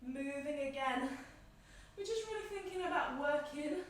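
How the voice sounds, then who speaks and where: A woman with a high, light voice guides a yoga flow, her calm cues timed to each inhale and exhale. She sounds slightly winded as she moves. Her voice rings around a bare, echoey room, picked up from a few steps away. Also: moderate pace, slight background noise. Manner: calm, encouraging cues paced with the breath. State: slightly out of breath. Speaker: yoga instructor. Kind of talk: guided yoga class instruction. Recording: echoey room, mic at a distance.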